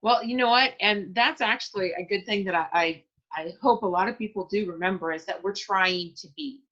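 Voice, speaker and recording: A woman's voice: mid-range voice, a little fast, a bit bright. A woman hosting an interview show, chatty and encouraging as she asks her guest questions. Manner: chatty and encouraging, laughs easily. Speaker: podcast interviewer. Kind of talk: casual interview. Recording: dull lo-fi audio.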